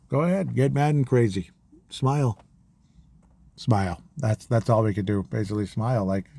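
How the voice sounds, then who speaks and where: A man's voice: lowish voice, dark tone, no echo. A man hosting a podcast, talking in a rambling, casual monologue that keeps repeating words and turns heated. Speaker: podcast host.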